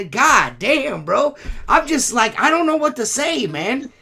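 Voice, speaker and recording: A man's voice: very high voice, sing-song, slow pace, creaky, bright, forceful tone. A man hosting a podcast, ranting in a profane, exasperated way. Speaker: podcast host. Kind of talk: casual podcast rant.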